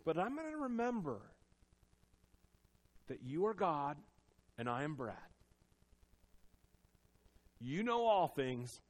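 A man preaching a sermon, earnest and personal, moving between quiet confession and emphatic exhortation. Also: on the high side, sing-song, takes it slowly, pauses often. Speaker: pastor.

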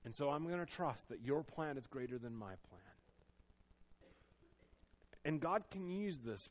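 Earnest preaching man, slightly high voice. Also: animated, a little slow. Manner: earnest, swings from hushed confession to emphatic preaching. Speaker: pastor. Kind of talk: sermon.

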